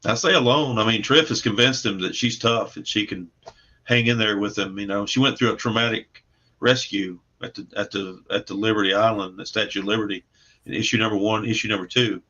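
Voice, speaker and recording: Low, bright-toned man with muffled audio. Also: fairly even intonation, a little fast. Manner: rambling, repeats words, easygoing. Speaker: comic creator and guest. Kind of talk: casual livestream interview.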